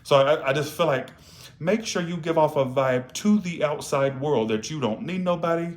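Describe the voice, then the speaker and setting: In a slightly high, expressive voice at normal speed, a man does an informal tarot reading live online. He swears freely, speaks bluntly, chides the viewers, and peppers his lines with "all right?"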